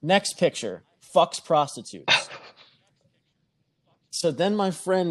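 A man's voice: fairly high pitch, a little slow. A man telling a long anecdote in a casual podcast chat, swearing freely and acting out what other people said. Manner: profane, animated, acts out quoted voices.

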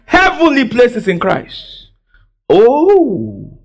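A man preaching a sermon in a church service. He quizzes the congregation call-and-response style and often bursts into shouts. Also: extremely high pitch, huge pitch swings, extremely slow, vocal fry.

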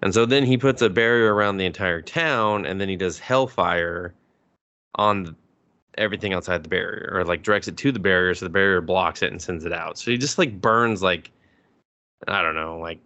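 A man's voice: sits low, normal speed, bright, forceful tone, muffled recording. A man co-hosting a podcast, chatting casually and rambling with lots of fillers and sarcastic asides. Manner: rambling, full of likes and ums, sarcastic asides. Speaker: podcast co-host. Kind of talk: casual anime review chat.

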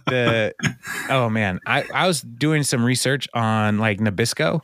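A man's voice: mid-range voice, unhurried, fairly bright tone, a little hiss or hum. A man co-hosting a podcast, casually recapping a show and acting out lines in playful put-on voices. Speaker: podcast co-host.

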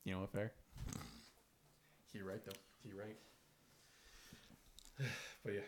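A man's voice: fairly low pitch, level tone, slow pace, a little hiss or hum. A young man teasing his friends sarcastically in a casual chat.

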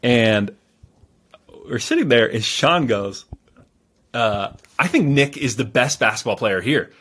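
A man speaking as a guest on a podcast, telling stories in a calm, measured way with frequent fillers and restarts. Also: medium pitch, husky. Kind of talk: casual interview storytelling.

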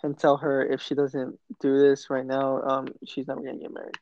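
A young man co-hosting a casual podcast, telling stories in a deadpan way. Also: medium pitch, brisk. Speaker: podcast co-host. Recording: dry, dull lo-fi mic.

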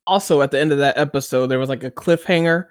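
A man co-hosting a podcast, casually recapping a TV episode with animated storytelling and loud excited outbursts. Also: a little high, quick pace, smooth, no echo, studio quality. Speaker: podcast co-host.

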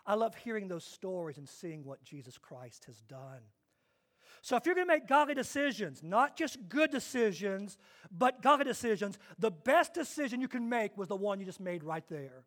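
A man preaching a sermon to his church, swinging between quiet asides and loud, emphatic declarations. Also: high voice, sing-song, normal speed. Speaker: pastor.

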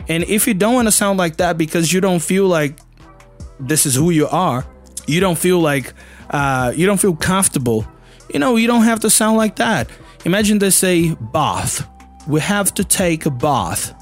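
A man's voice: sits high, animated, moderate pace, soft background music. A man teaching a casual English lesson, talking straight to the listener with lots of rhetorical questions.

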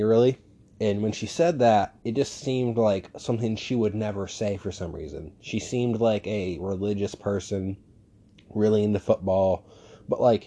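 Young man, podcast host, casual monologue, low pitch, mellow tone, rambling, filler words.

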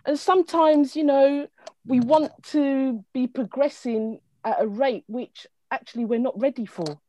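A woman co-hosting a casual chat show, talking in a relaxed, reflective way and laughing easily. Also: high-pitched, unhurried, rough recording. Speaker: co-host.

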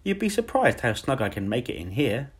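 A man voicing a timid, kind young woman teacher in a soft, modest, earnest manner. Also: mid-range voice, huge pitch swings, brisk, husky, pitched above the performer's own voice. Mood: gentle.

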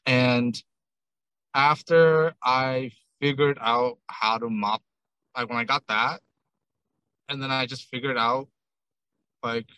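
A man's voice: mid-range voice, slow, long pauses, clean tone, no echo, poor audio. A man, a ramen shop owner, telling a story in a casual interview and acting out quoted dialogue. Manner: chatty, animated retelling with many "I'm like" quotes.

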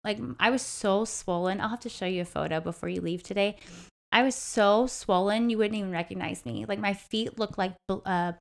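Chatty young woman with a smooth voice. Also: mid-range voice, fairly quick. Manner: chatty, heavy use of "like". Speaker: interview guest. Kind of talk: personal story in casual conversation. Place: in person with the host.

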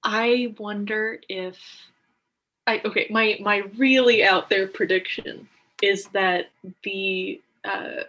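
A woman's voice: mid-range voice, steady tone, takes it slowly, a bit bright, muffled recording. A woman co-hosting a podcast, chatting casually about a TV episode in a rambling way, full of filler words. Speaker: podcast co-host. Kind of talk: casual TV recap chat.

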